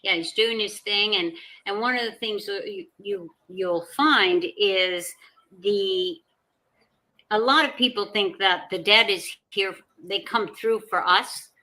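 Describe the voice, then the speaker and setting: A woman's voice: medium pitch, takes it slowly, sharp tone, poor audio. A woman appearing as a podcast guest and medium, explaining her views in an assured manner. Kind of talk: conversational podcast talk.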